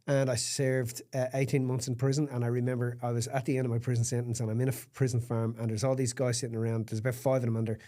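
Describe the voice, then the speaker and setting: A middle-aged man speaks as a podcast guest, with a warm, mellow tone at an ordinary pitch for a man. He tells his story candidly and emphatically. He swears bluntly and does not smooth over rough edges. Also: flat delivery, quick pace, hardly any pauses.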